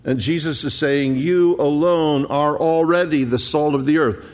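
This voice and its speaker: A man preaching a sermon, explaining scripture conversationally and stressing key words with slow, emphatic pauses. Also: fairly high pitch, steady tone, darkish tone. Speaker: pastor.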